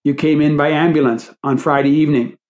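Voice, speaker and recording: A man doing a brisk soothing nurse. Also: fairly high pitch, steady tone, darkish tone, lightly acted. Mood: reassuring. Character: calm reassuring hospital nurse.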